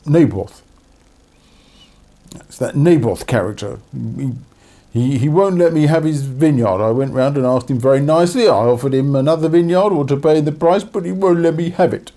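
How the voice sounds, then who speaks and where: A man's voice: a little high, vocal fry, mellow. A man voicing a sulky grown king who pleads and whines, stammering as he asks. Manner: whiny, stammering, hesitant.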